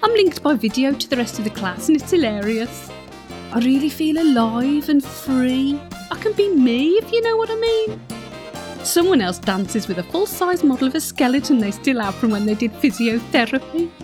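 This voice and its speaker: A woman's voice: high-pitched, lively intonation, normal speed, music in the background. A woman playing a flirty gossip. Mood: chatty. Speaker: comic monologue character. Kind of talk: comic character monologue.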